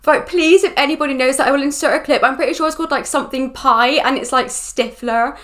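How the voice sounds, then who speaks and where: A woman's voice: sits high, fast, very noisy. A woman hosting a reaction video, chatting casually and rambling with lots of "like". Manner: chatty, rambling, full of "like" and "do you know what".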